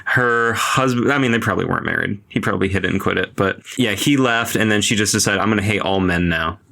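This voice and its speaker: A man's voice: lowish voice, quick pace, creaky, pushed and bright. A man co-hosting a podcast, telling a story in a crude, blunt, casual way. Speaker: podcast co-host. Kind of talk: casual chat.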